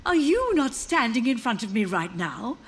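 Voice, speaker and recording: A woman's voice: on the high side, big pitch swings, normal speed, breathy edge, exaggerated voice. A frail, confused old mother. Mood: wistful. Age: older. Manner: soft, wandering, wistful delivery. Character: elderly grieving mother, gentle but confused. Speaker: game character. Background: game music.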